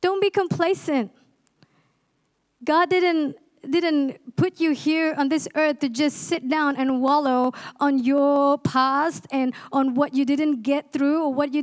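A woman in her forties preaching a sermon, passionate and exhorting, asking the congregation rhetorical questions. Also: high voice. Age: 40s. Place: church.

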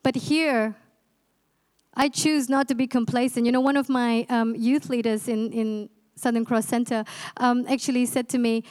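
A woman's voice: fairly high pitch, steady tone, unhurried, a little mellow, clean tone. A woman in her forties preaching a sermon, passionate and exhorting, asking the congregation rhetorical questions. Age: 40s. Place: church.

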